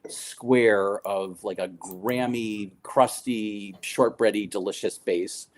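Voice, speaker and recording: A man chatting as a guest on a video call, telling lively stories with lots of fillers and laughter. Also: lowish voice, slow pace. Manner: animated storyteller, many fillers, laughs often. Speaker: guest, food writer and baker. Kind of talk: casual chat.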